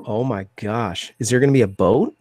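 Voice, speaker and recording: An excitable man with a low voice hosts a live-streamed talk show. He thanks donors and fires off questions. The sound is dry and close. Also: moderate pace, no room sound. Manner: enthusiastic, thanks donors, many fillers. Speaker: host.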